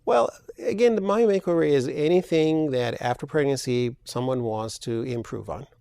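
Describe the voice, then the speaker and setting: A man with a gravelly, low-set voice talks steadily through his answers as a surgeon guest, pausing on fillers as he explains. The sound is dry and close, with no room around it. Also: warm tone, dry recording. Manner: measured, explanatory, with frequent fillers. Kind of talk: interview answers.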